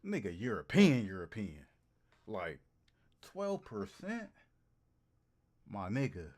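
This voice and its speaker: A man's voice: on the low side, slow pace, husky. Guy streamer yapping to chat, voice all over the place, says stuff twice, lots of slang. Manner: animated and repetitive, repeating phrases for emphasis; slangy and profane. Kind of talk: casual chat to a livestream audience.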